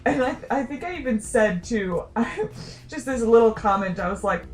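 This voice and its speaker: A woman's voice: a little high, lively intonation, soft background music. Chatty young woman vlogging. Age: young adult. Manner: rambling, self-deprecating, quick asides. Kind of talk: casual talking-to-camera chat.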